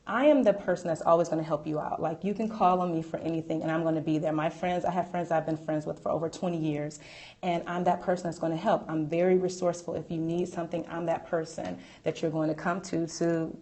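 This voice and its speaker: A woman coach speaks on a phone live stream in a mellow, fairly low voice. She is enthusiastic and chatty, and often stops to thank her viewers. Her tone is warm and easy. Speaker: life coach and business owner.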